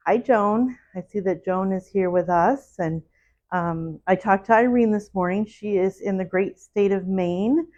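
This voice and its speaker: A woman's voice: mid-range voice, unhurried, darkish tone. A woman running a live stream from her quilt shop on her own, chatting casually and greeting viewers by name. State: a little out of breath. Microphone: solo live stream setup. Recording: dull lo-fi live-stream audio.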